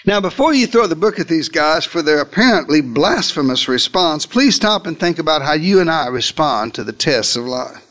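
A high-voiced man delivers a sermon with a lively, swooping pitch. He retells a scene dramatically in the first person, leaning hard into each phrase. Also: normal speed, hardly any pauses. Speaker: preacher.

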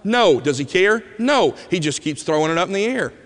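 Man preaching, animated storytelling, loud then hushed, slightly high voice, long church-hall reverb. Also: normal speed. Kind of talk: sermon storytelling.

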